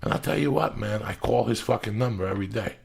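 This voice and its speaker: Gravelly fifty-year-old man ranting loudly. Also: on the low side, fast. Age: 50s. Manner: loud, swearing, swings into shouting bursts. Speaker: podcast host. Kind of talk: loose profane podcast rant.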